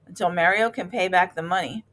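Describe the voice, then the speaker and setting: A small, honest cricket who talks in an earnest, mild and sincere way and always tries to be fair, as a woman reads him aloud. It comes from a storybook read-aloud with a fairly low-pitched reader. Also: fairly quick, a bit bright, lightly acted. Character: gentle, honest little male cricket.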